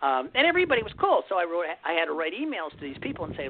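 A man's voice: high-pitched, wildly swooping pitch, racing, few pauses. Man on a noisy phone line. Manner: conversational, explains at length. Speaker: author guest. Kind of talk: casual chat on a call-in show. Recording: tinny phone line with faint noise.

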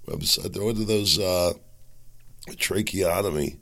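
A man with a lowish, hoarse voice hosts his podcast alone. He rambles through a wry, self-mocking monologue. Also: slow, a bit bright. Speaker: podcast host. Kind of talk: casual solo podcast monologue.

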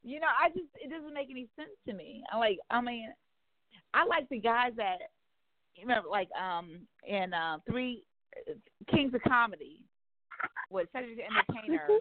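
On a talk show, a woman with a fairly high, animated voice speaks at normal speed. She's frank and blunt about dating, outgoing, outspoken, and free with her cursing in this casual conversation. The recording sounds dry and narrow, like a phone line.

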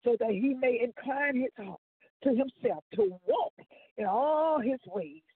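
A woman's voice: a little high, lively intonation. Woman praying fervently over a tinny phone line. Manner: fervent preacher's cadence, drawn-out phrases. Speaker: gospel radio show host. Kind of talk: spoken prayer on air. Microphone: phone call-in.

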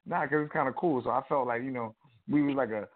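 A man co-hosting a casual talk show, telling a rambling, animated story full of fillers. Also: mid-range voice, fast. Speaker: co-host. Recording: tinny phone-like audio.

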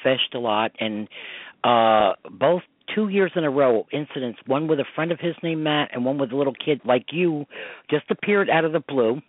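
A man's voice: mid-range voice, moderate pace, no room sound. A man hosting a call-in radio show, telling long rambling stories full of fillers, over a tinny phone line. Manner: rambling storytelling, many fillers. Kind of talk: casual call-in radio chat.

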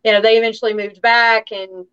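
A woman's voice: a little high, flat delivery, a little fast, fairly bright tone, clean tone, lo-fi sound. A woman from Tennessee with a Southern accent, chatting as an interview guest, bubbly and chatty with lots of fillers and laughter. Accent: Southern American. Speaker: guest, actress and singer. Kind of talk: casual interview chat.

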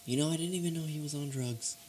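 A man's voice: fairly high pitch, fast, a little mellow, slight background noise. A man hosting a comedy talk show, trading laid-back, dryly joking banter with his guest. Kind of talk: casual comedic chat.

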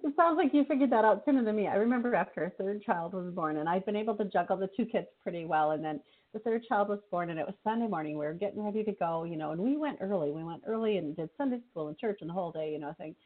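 A woman's voice: medium pitch, lively intonation, fast. A middle-aged woman hosting a talk show, chatting casually and laughing along with her guest. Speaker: host. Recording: tinny phone line.

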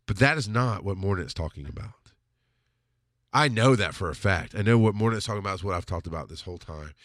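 Guy on a podcast spilling a personal story, swears a lot, goes loud then real quiet, dry close sound. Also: no echo. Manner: emotional, profane, swings from loud outbursts to quiet lows. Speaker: podcast host telling personal stories. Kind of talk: confessional storytelling.

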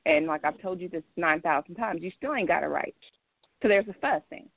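A woman's voice: fairly low pitch, a little fast, creaky, dry recording. A woman calling in to a casual discussion show, explaining at length in an emphatic, repetitive, rambling way. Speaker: caller. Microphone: phone. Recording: tinny phone line.

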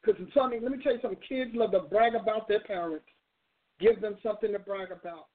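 A woman hosting a talk show, preaching bluntly and emphatically with no soft tone, exhorting her listeners. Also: medium pitch, fast. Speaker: talk show host and minister. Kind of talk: preaching call-in style talk. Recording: narrow phone-like audio.

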